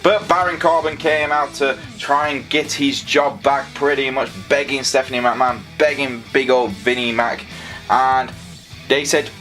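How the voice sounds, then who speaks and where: A man's voice: mid-range voice, fairly even intonation, unhurried, a bit bright, soft background music. A man giving a casual, sarcastic and rambling review of a wrestling show.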